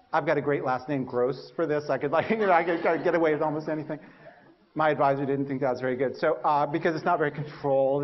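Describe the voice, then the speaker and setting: A man giving a university lecture, telling stories about his early research with lively, self-mocking humor and acting out his own past reactions. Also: on the high side, lo-fi sound. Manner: animated storytelling, acts out his past thoughts. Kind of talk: lecture with personal anecdotes.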